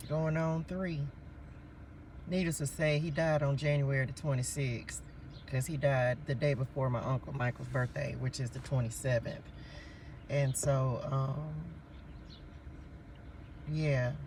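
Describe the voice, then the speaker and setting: A man telling a story to his viewers in a casual vlog, animated and repeatedly calling them y'all, recorded outdoors at a park on a phone. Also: mid-range voice, measured pace, recorded from a distance, slight background noise. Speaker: vlogger.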